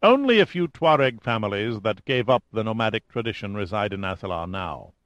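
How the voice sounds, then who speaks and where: A man's voice: fairly low pitch, lively intonation, fairly quick, fairly bright tone, no room sound. A man voicing a self-assured ex-marine safari leader who speaks in clipped, rehearsed tones, read from a storybook.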